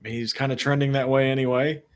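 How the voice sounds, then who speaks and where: A man with a mid-range voice co-hosts a casual podcast. He keeps the talk moving with quick questions and blunt, joking asides. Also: mid-range voice, flat delivery. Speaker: podcast co-host. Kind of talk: casual wrestling chat.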